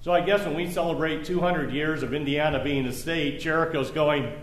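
A man with a high voice delivers a sermon as a pastor. He reads scripture and then explains it in a loose, conversational way with joking asides. The recording is roomy and echoey, as if from a church sanctuary. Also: fairly even intonation, brisk. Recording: echoey room.

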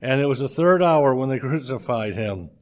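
A man reading a scripture passage aloud in a steady, measured way, with a few slips. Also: mid-range voice.

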